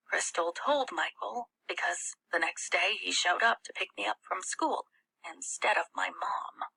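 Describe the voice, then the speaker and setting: Woman narrator putting on a hushed, frightened teen girl; breathy storybook whisper. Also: mid-range voice, full character voice, poor audio. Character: frightened teenage girl confiding quietly.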